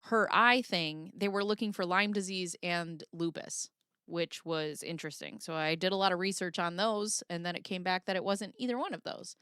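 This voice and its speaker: A woman's voice: on the low side, normal speed, fairly bright tone, smooth, no echo, clean studio sound. A woman chatting casually on a livestream, reading viewer comments and joking sarcastically, with frequent laughter.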